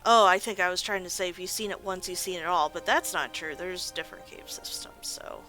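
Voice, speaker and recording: A woman's voice: lowish voice, brisk, pushed and bright, faint music behind, poor audio. A tired woman casually chatting as she plays a game, rambling and poking fun at her own slips. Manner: rambling, self-deprecating, sleepy. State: tired, yawning. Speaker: let's play host. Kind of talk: relaxed gameplay commentary.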